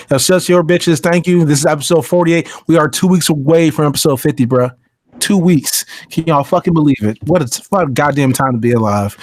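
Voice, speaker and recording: A man's voice: a little high, no echo. Brash, profane young podcast host man. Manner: loud, profane, hype-driven plugs. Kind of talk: casual podcast banter.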